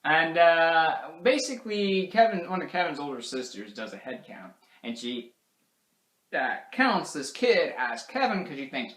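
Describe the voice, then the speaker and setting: A man's voice: on the high side, sing-song, unhurried, fairly bright tone. A man casually recapping a movie in a rambling way, full of fillers, now and then putting on character voices. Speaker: movie reviewer. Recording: roomy echo.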